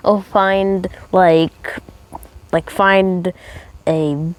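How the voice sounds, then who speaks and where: A man's voice: sits high, level tone, very slow, clean tone, poor audio. Playful teen boy, fumbling his words. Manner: playful, stumbling restarts. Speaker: son and podcast co-host. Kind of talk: casual family podcast chat.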